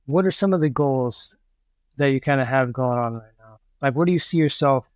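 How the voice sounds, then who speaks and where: A man's voice: mid-range voice, moderate pace, clear, resonant tone, no room sound. Host, man, clean resonant voice, dry mic, supportive and tentative. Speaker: podcast host. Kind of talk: casual conversational interview.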